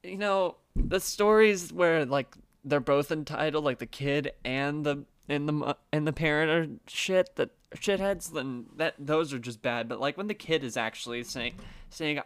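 A man's voice: fairly high pitch, a little slow, clear, resonant tone. A man narrating a story casually, with wry, swearing asides.

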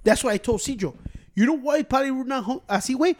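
Fast-talking man. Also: very high-pitched. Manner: mixes Spanish and English, swears, gets loud and worked up. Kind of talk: casual chat.

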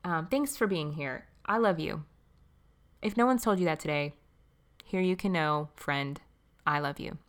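Young woman doing a chatty faith podcast, kinda low voice, laughs a lot, says friend. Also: a little slow, pauses often. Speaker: podcast host. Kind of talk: casual devotional podcast talk.

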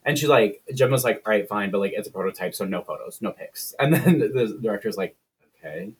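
Husky man recapping a film. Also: lowish voice. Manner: profane, animated retelling with quick voices for characters. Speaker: podcast co-host. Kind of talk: casual film recap chat.

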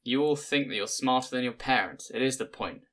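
A man voicing a gruff, stern older village father who talks bluntly and scolds often. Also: mid-range voice, fairly bright tone, pitched above the performer's own voice, close to an everyday voice. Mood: stern scolding. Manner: blunt, scolding, quick to lecture.

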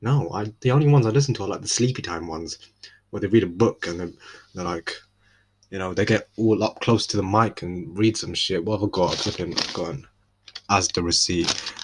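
A man's voice: deep voice, fairly quick, slightly rough. A young man with an East London accent hosting a solo podcast, rambling casually with slang and frequent restarts. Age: young adult. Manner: rambling, self-interrupting, laid-back slang. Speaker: podcast host.

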